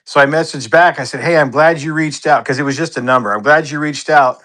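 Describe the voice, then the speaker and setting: Guy telling a story in a chill online chat, bright voice, cusses a lot. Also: on the high side, a little fast. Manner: laid-back anecdote teller who swears freely. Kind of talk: casual chat.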